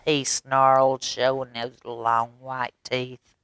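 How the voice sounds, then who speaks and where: Slow, low woman reading aloud. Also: clean tone, no echo. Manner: gentle, animated storyteller asides to children. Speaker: children's librarian storyteller. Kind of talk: children's storytime read-aloud.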